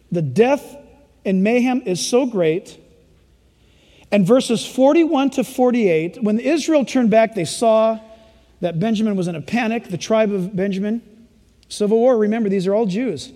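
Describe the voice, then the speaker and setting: A male pastor preaching a sermon in an animated style, acting out parents and children as he goes. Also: high-pitched, unhurried, pauses often, long reverb tail.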